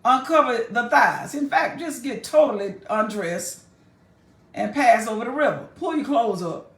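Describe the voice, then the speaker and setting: A woman's voice: fairly high pitch, lively intonation, a little slow. A woman teaching a Bible chapter in a sermon, emphatic and folksy, talking straight at her listeners. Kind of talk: preaching Bible exposition. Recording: echoey room, mic far off.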